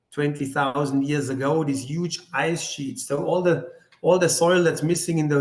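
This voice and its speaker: A winemaker giving a conversational talk to wine writers, walking through slides with slightly non-native phrasing. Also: male voice, medium pitch, reverberant.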